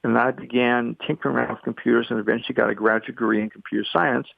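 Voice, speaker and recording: Gravelly older man on a phone line. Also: medium pitch, very fast, no echo. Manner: lively storyteller, acts out quotes. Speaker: guest speaker. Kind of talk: podcast interview storytelling.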